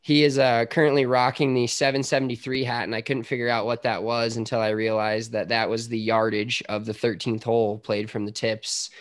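A man's voice: medium pitch, flat delivery, fairly quick, hardly any pauses, no room sound, clean studio sound. A man hosting a casual podcast, upbeat and chatty with loose fillers. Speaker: podcast host.

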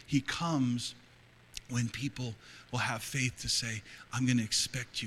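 A middle-aged man preaches a sermon in a church hall. His voice sits in an ordinary middle pitch, and he moves between soft, intimate confession and loud, fervent appeals. A faint ambient hum runs under the recording. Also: fairly even intonation, a little slow. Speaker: pastor. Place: church hall before a congregation.

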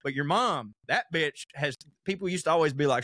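A man's voice: fairly high pitch, expressive, brisk, bright, forceful tone, no room sound. A young man co-hosting a podcast, chatting casually in a rambling, profane way and laughing often. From American South. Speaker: podcast co-host. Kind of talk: casual chat.

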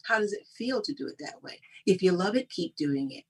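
A woman's voice: lowish voice, animated, fairly quick, breathy edge. A woman guest giving emphatic, preachy motivational talk in conversation, often laughing. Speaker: guest speaker on personal growth.

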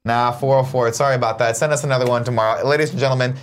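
A man hosting a morning show with quick, joking, profane banter in casual live-stream chat. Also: medium pitch, steady tone.

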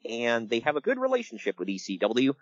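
A man hosting a casual podcast, telling stories in an animated way and laughing along. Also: mid-range voice, no room sound, lo-fi sound. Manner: animated storytelling with laughs and quick impressions. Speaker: podcast host. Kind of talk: casual wrestling podcast chat.

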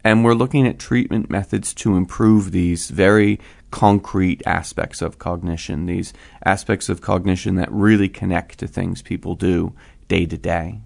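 A man answering interview questions as a researcher, explaining things in a measured, step-by-step way. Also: low-pitched, fairly even intonation, vocal fry.

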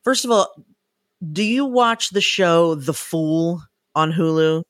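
Female podcast co-host, casual storyteller, bursts into animated impressions, dry close sound. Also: on the low side, slow pace, no echo. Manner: animated storytelling, breaks into loud excited impressions. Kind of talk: casual chat.

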